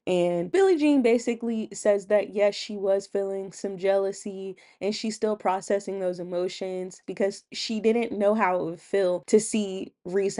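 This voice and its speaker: A woman's voice: mid-range voice, darkish tone. A woman hosting her own channel, chatting casually through a TV episode recap and acting out the quotes with a laugh.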